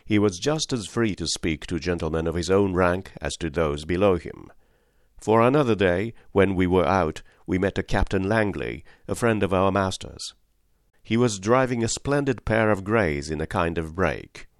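Deep-voiced male audiobook narrator. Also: animated, normal speed, dry recording, clean studio sound. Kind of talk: scripted narration.

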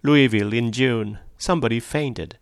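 A man's voice: mid-range voice, normal speed, no room sound, studio quality, close to an everyday voice. A man reading an audiobook, voicing a languid, petulant young society woman who gives orders. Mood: wistful.

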